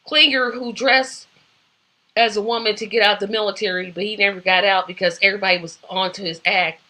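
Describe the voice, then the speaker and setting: A woman's voice: mid-range voice, steady tone, a little fast, bright, forceful tone. A woman hosting a casual solo talk show, opinionated and rambling with many fillers. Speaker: host.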